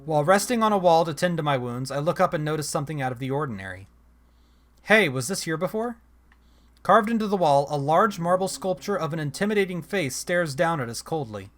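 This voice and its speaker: A man with a fairly high voice reads a text adventure aloud as a let's play host. His narration is casual and conversational, often stopping for chatty asides. He corrects himself as he goes. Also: lively intonation, a little fast.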